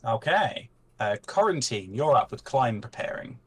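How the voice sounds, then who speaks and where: A man acting as game master, calmly calling turns and checking the rules aloud. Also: mid-range voice, moderate pace, noisy background. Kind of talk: running a tabletop game.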